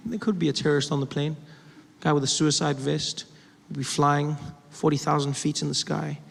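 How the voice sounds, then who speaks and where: A man's voice: a little high, steady tone, normal speed, vocal fry, long reverb tail. A male stand-up comedian performing a set, talking conversationally with self-mocking asides.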